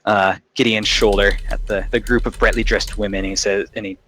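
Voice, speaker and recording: A man narrating as game master in a relaxed, rambling way. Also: lowish voice, a little fast, a little hiss or hum. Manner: relaxed, filler-heavy narration.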